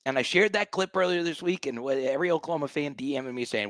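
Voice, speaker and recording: A man's voice: fairly high pitch, fast talker, few pauses, fairly bright tone, no echo. A man hosting a sports fan livestream, ranting in a fired-up, hyped way and repeating lines for emphasis. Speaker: sports show host.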